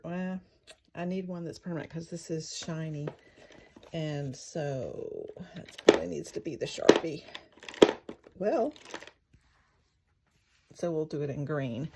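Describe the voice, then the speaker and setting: Slow gravelly woman chatting while crafting. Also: deep voice, slight background noise. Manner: slow, chatty, thinking aloud while working; spells words out in soft whispers as she writes. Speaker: craft channel host. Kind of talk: casual crafting vlog.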